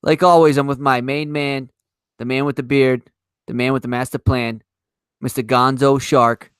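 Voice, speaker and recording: A man hosting a casual podcast, swearing often and talking in halting bursts. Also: mid-range voice, flat delivery, clean tone, no room sound. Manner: swears a lot, halting with restarts. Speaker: podcast host.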